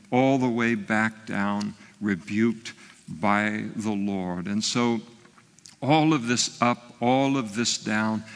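A man's voice: fairly low pitch, a bit bright, big-room sound. A man preaching a sermon, retelling a story in a conversational way with frequent fillers and restarts. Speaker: pastor.

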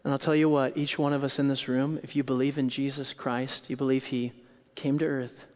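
A male pastor preaching a sermon, telling a story with dramatic shifts between loud outbursts and hushed, quiet lines. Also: mid-range voice, brisk. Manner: animated storytelling, acts out scenes with loud outbursts and hushed quotes. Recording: long hall reverb.

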